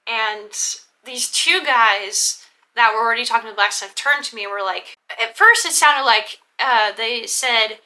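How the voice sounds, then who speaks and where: A woman's voice: a little high, a little slow, bright, forceful tone. A young woman casually recounting a role-play event, rambling with many fillers and restarts and acting out the quoted dialogue. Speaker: vlogger recounting a LARP event. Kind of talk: casual storytelling vlog narration.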